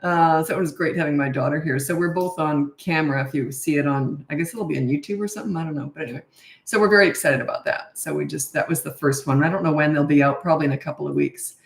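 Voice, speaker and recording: Middle-aged woman, parenting coach, blunt and chatty, lowish voice, echoey room. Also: quick pace, vocal fry. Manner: blunt, matter-of-fact, chatty asides. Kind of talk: casual Q&A advice. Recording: roomy echo.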